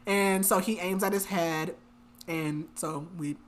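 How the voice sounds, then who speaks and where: A woman's voice: fairly low pitch, steady tone, slow pace, a little hiss or hum. A young woman on a book podcast, casually recapping the plot with lots of fillers and frequent laughter. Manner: chatty, filler-heavy, laughs often. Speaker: podcast co-host.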